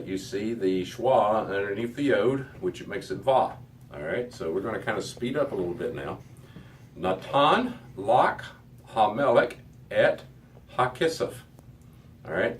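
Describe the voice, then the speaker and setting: A man's voice: on the low side, animated, measured pace, a little mellow. A middle-aged man teaching a Hebrew lesson to a class, methodical and repeating words as he goes. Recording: distant mic with faint background noise.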